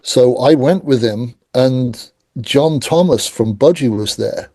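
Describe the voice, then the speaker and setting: Man telling lively band stories. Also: medium pitch, slow, no echo. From England. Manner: animated anecdotes, acts out quoted voices. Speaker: guest. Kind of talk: casual storytelling interview.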